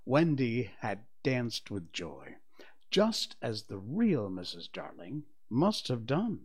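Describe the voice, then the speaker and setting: A male narrator reads a classic children's story aloud, taking his time over every phrase. His pitch moves expressively up and down, giving the telling a warm, storybook lilt at a mid-range pitch. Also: slightly rough. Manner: expressive, unhurried reading. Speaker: audiobook narrator.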